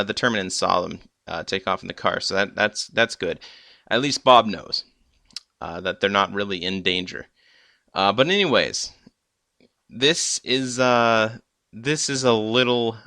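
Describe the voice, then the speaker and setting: A man's voice: fairly low pitch, sharp tone, no room sound, studio quality. Rambling young man recapping an episode. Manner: rambling, many fillers and restarts. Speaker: episode reviewer. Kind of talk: casual recap.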